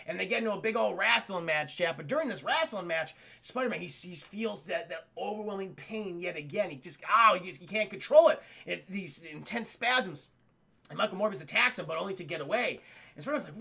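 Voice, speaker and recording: A man live-streaming to his chat, excitedly recapping a cartoon episode, swearing often and acting out the characters' lines. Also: high-pitched, brisk, creaky.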